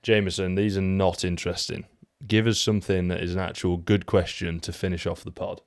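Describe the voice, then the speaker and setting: Gravelly, deep podcast co-host. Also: male voice, level tone, a little fast. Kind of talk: casual podcast chat.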